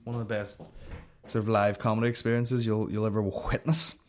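Sweary Northern Irish podcast host. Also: male voice, lowish voice, flat delivery, a little fast, slight background noise. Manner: profane, rambling, swears constantly. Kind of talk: casual comedic rant.

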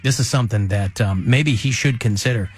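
A man hosting a radio talk show, chatting casually with rambling, animated asides. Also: mid-range voice, a little fast, soft background music. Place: radio studio.

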